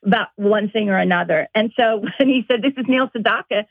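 A woman's voice: mid-range voice, brisk, no room sound. Woman on a tinny phone line. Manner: animated, laughing, acts out quotes. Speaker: guest, former colleague. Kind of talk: casual storytelling.

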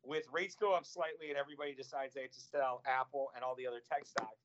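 A man who manages investments, talking about markets in an animated, exasperated way. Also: medium pitch, fast talker, lo-fi sound. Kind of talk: casual finance chat.

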